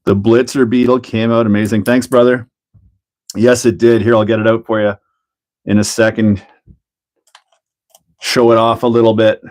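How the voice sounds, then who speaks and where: A man's voice: fairly low pitch, fairly even intonation, measured pace, pauses often, a little mellow. A man hosting a casual hobby livestream, chatting and laughing while he builds a model car and greets viewers by name. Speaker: livestream host.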